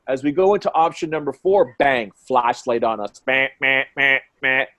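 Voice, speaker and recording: A man in his forties, a fight commentator guest, telling stories in an excitable, quick way and acting out what people said. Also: medium pitch. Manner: excitable, quick storyteller who acts out quotes. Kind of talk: animated storytelling in conversation.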